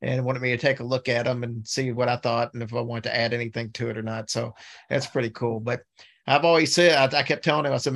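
A man's voice: medium pitch, steady tone, fast talker, a bit bright. Guy hosting a podcast, easygoing, rambles into his questions. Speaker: podcast host. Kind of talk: casual interview.

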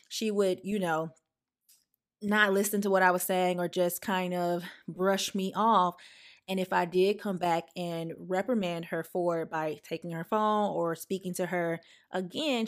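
A podcast host in her twenties, with a voice on the low side, tells a personal story in a candid, chatty manner. She speaks directly to her listeners, calling them "y'all," and grows animated whenever she quotes herself.

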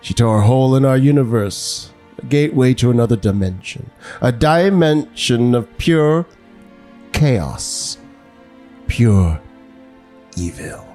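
A grim starship captain, as a man reads him over-the-top, speaks of his ship with slow, ominous awe. The pitch swings widely and the pace drags out each word, with faint music under it. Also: warm tone. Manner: slow, drawn-out dramatic delivery. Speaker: comedy podcast guest.

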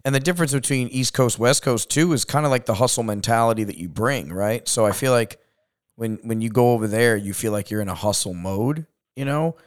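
A man from Long Island hosting a casual podcast interview, chatty and upbeat, often trailing off quietly. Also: mid-range voice, a little fast. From Long Island, New York. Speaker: podcast host.

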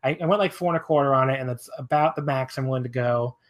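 A man chatting casually on a podcast, rambling through his opinions with lots of fillers. His voice sits in a middling range but shoots up high when something annoys him. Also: quick pace. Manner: rambling, animated, voice jumps high when exasperated. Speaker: wrestling podcast co-host.

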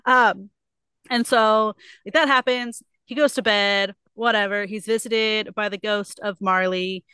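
A young adult woman co-hosting a casual book club podcast, retelling a story with lots of fillers and quick put-on quotes. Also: mid-range voice, fairly even intonation, bright, forceful tone, clear, resonant tone, no echo. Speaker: podcast co-host.

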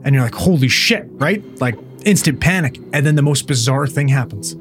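Swearing paramedic telling a story. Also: male voice, mid-range voice, a little fast. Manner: profane, animated storyteller who acts out what people said. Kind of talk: casual storytelling chat.

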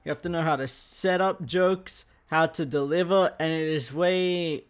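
A man's voice: fairly high pitch, unhurried, smooth. Swearing Australian guy ranting into a mic. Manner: profane, animated ranting with frequent laughter. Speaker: podcast host. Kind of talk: casual ranting monologue. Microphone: studio microphone.

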